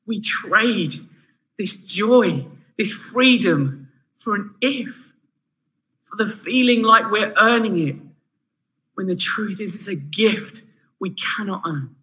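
Guy giving a sermon, high voice, really bright and sharp, goes quiet then punchy. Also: takes it slowly, pauses often, poor audio. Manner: animated, swings from hushed to emphatic. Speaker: preacher.

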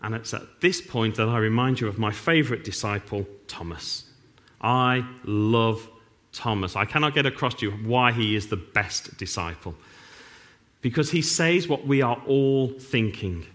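A middle-aged man preaching a sermon as pastor, animated and full of dry, self-mocking humor. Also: mid-range voice, unhurried. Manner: wry, self-mocking humor with sarcastic asides.

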